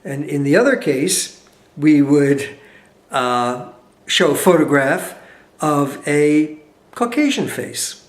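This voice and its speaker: A man being interviewed as a researcher, explaining his studies with animated storytelling and quick asides. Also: fairly high pitch, echoey room.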